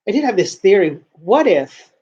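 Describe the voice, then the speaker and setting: A man's voice: sits high, very animated, normal speed, a little mellow, slightly rough, muffled recording. A man talking casually to camera in a rambling vlog monologue, often restarting and repeating words. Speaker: vlogger.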